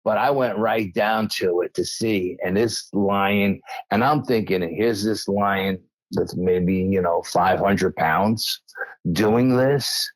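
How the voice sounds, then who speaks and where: A man's voice: lowish voice, takes it slowly, no room sound, rough recording. A middle-aged man from New York State, a guest in an interview, telling stories with lots of fillers and restarts. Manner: animated storyteller, many fillers and restarts. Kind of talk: casual storytelling interview.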